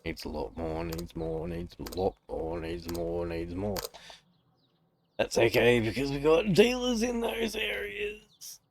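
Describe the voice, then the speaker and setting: A man's voice: deep voice, slow pace, gravelly. A young Australian man streaming a game, chatting casually, joking, swearing freely and laughing often. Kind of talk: casual gameplay commentary.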